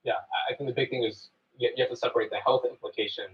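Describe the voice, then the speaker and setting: A man in a podcast discussion making his point calmly and checking in with "right?". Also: mid-range voice, fast talker. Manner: reasoned, with lots of "right?" checks. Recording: distant dull audio from a played clip.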